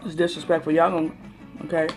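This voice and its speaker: Deep-voiced and flat, a woman speaks fast over music while hosting a casual phone livestream. She relates an exasperated story and calls out viewers by name as she goes.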